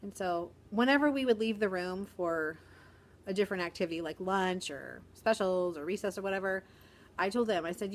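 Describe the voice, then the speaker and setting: Chatty middle-aged woman teacher vlogging. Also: mid-range voice. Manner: chatty, sarcastic humor, quick laughs. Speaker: first grade teacher. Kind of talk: casual vlog chat. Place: quiet corner of a school.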